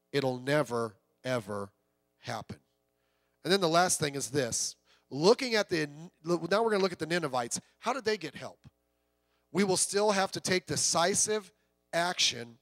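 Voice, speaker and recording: A man's voice: a little high, a bit bright, no echo. A male pastor preaching a sermon in a conversational style, with asides, rhetorical questions and a told story.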